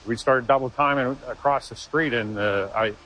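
A man telling a personal story in an interview, earnest and halting, with frequent restarts. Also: medium pitch, a bit bright, rough recording. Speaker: interviewee, former Marine.

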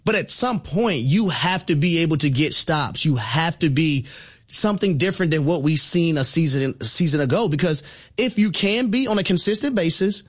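A man's voice: a little high, expressive, moderate pace, slightly rough. A man co-hosting a sports talk radio show, arguing his points emphatically with stats. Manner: emphatic, stat-heavy argument.

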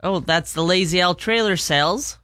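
Chatty male co-host, bright tone, dry close mic. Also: high voice, moderate pace, dry recording. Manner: chatty, reads listings, stumbles over place names. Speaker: radio co-host. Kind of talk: casual radio chat and event listings.

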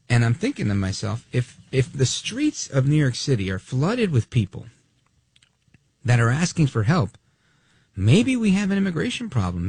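A man's voice: mid-range voice, vocal fry, a little mellow, slightly rough, no room sound. A man giving an opinionated monologue as a commentator. He sounds sarcastic and indignant, and he acts out the people he quotes. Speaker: political commentator.

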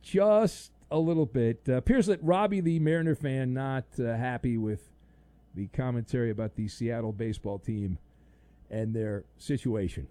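A man's voice: mid-range voice, normal speed, dry recording. A man hosting a sports talk show, loose and jokey, reading listener messages and taking calls. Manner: loose, jokey, bursts into loud mock outrage.

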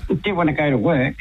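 A woman guest on a radio show telling a personal faith story, chatty, laughing often and sometimes dropping to a hushed whisper. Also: deep voice, breathy edge, narrow, tinny audio. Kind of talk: radio phone-in chat about faith.

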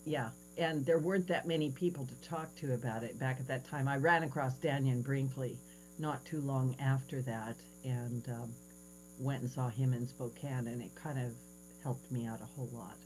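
Animated woman radio host in her sixties. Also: rumbling low, moderate pace, a little hiss or hum, low-quality recording. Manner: animated storytelling, acts out quoted voices. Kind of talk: casual interview chat.

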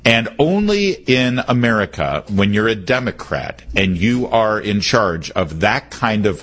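A man's voice: on the low side, a bit bright, husky. A man hosting a talk radio show, delivering an opinionated, punchy monologue and repeating the call-in number.

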